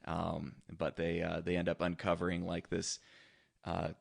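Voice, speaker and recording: Very low gravelly-voiced man, laid-back. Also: completely flat delivery. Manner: laid-back, agreeable, fills his pauses with "uh" and "like". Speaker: podcast co-host. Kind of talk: casual chat.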